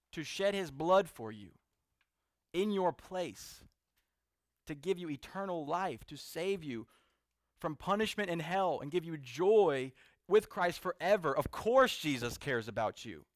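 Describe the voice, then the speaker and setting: A man preaching a sermon to a seated congregation, earnest, building to emphatic peaks and then dropping soft. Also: a little high, dry recording, clean studio sound. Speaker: pastor.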